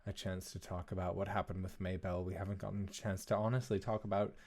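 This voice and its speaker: A man voicing a protective brother who speaks softly and reassuringly. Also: sits low, little pitch movement, fast. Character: gentle, protective older brother.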